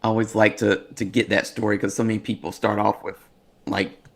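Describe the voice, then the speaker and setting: Podcast host dude, low voice, pretty monotone, easygoing questions. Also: male voice, brisk, creaky. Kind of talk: casual interview.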